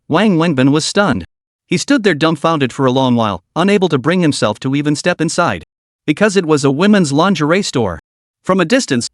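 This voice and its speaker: A man narrating a comic recap story in a steady, dramatic storytelling manner. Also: a little high, dry recording, studio quality.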